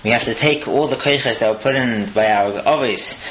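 A man's voice: medium pitch, normal speed, a bit bright, poor audio. A man giving a Torah lesson, explaining in an earnest way and asking rhetorical questions. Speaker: Torah teacher.

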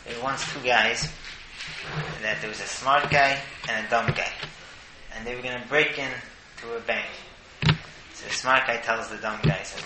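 A man giving a casual Torah talk, animated and stumbling over repeated words, recorded in an echoey room with clear noise. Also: mid-range voice, normal speed. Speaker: Torah teacher.

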